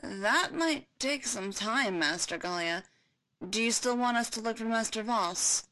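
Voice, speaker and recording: A woman's voice: medium pitch, a little fast, a bit bright, clear, resonant tone, lightly acted, low-quality recording. A woman voicing a nervous, deferential female knight reporting over a comlink. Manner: hesitant, deferential.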